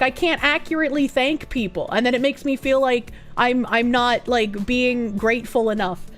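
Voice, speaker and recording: A woman live streamer in casual chat, reading out donations and thanking viewers in a loose, profane way and laughing often. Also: on the high side.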